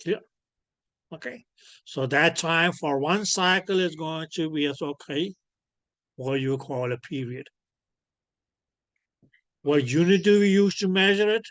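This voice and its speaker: A man teaching ultrasound physics in an online lecture over a computer microphone. He keeps checking whether students follow by asking "clear?", and he fills his sentences with "okay, yes". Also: on the high side, unhurried, long pauses, fairly bright tone, dry recording. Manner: peppers speech with filler "okay, yes". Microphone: computer mic on a video call.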